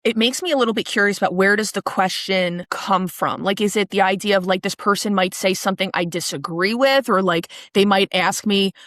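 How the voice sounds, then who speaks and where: A woman co-hosting a podcast, explaining things in a calm, measured, clinical way in casual conversation. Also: medium pitch, no echo, studio quality.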